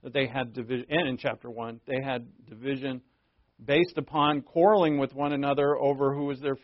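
Animated New pastor, lo-fi sermon. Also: male voice, a little fast. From New England. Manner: animated and joking, with big pitch swings. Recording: dull lo-fi sermon recording.

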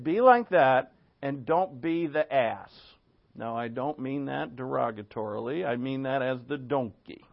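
A man preaching a sermon to his congregation in an animated, conversational way, asking rhetorical questions as he goes. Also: fairly high pitch, highs cut off. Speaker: pastor. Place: church.

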